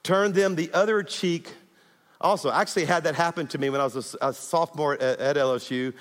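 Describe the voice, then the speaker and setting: High-voiced pastor preaching in a hall. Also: male voice, brisk. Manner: animated, exhorting the congregation. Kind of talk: sermon. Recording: reverberant hall.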